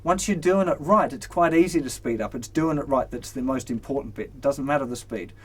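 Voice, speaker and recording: A young man teaching a guitar lesson, relaxed and encouraging, counting beats aloud as he plays. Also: medium pitch, fairly quick, husky. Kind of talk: instructional lesson. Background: guitar strumming.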